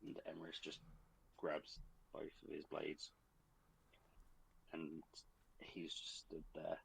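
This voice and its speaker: A man playing in a tabletop game, who talks in an understated, drawn-out way. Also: a bass voice, completely flat delivery, gravelly, fairly bright tone, breathy edge, poor audio. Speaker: player.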